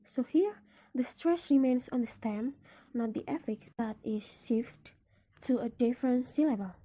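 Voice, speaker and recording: A young woman with an Indonesian accent, giving a student class presentation on word stress, explaining carefully with examples and often dropping into a breathy near-whisper. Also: on the high side, measured pace, warm tone. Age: young adult.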